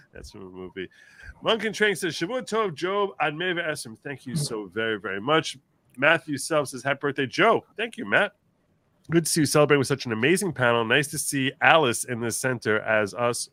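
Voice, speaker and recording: A man's voice: mid-range voice, a little fast. A man hosting a livestream panel in casual chat, reading viewer comments aloud and laughing often. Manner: animated, laughs often, mimics voices. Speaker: livestream host.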